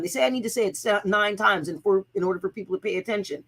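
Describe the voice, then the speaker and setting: A woman's voice: medium pitch, fast talker, few pauses, a bit bright, slightly rough, poor audio. A woman hosting her own livestream, talking bluntly and profanely, chanting repeated slogans to rally her viewers. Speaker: host of own channel. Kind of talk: livestreamed motivational rant.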